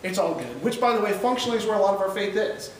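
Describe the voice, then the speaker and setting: A man giving an emphatic chapel talk to high school students, often putting questions to the audience. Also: fairly even intonation, very fast, a little hiss or hum. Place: large echoey chapel hall. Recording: echoey hall recorded from far off.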